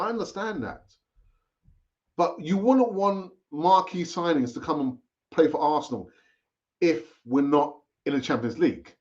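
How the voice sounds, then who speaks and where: A man's voice: a little high, darkish tone. Chatty man on a dull live stream. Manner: chatty, repeats himself, pleads with viewers. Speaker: fan channel host. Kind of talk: live-stream football chat.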